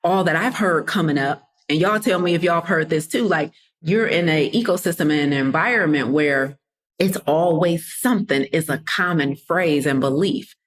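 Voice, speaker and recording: At a moderate pace and in a low voice, a woman coaches her listeners through a relaxed motivational podcast. She keeps it conversational, addresses everyone as y'all, and acts out people's words by switching into their voices.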